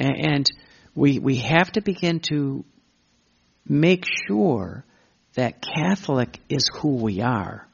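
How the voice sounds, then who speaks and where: A man's voice: creaky, a bit bright, husky. A man preaching a sermon, impassioned, repeating himself and stumbling over words. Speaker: Catholic preacher. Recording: muffled low-fidelity recording.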